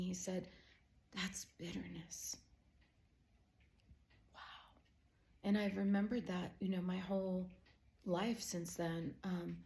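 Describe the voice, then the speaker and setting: A woman's voice: lowish voice, vocal fry, mellow. A middle-aged woman giving a personal testimony as a Christian counselor, telling a family story conversationally with many fillers. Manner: conversational storytelling, growing emotional; many fillers like "you know" and "um".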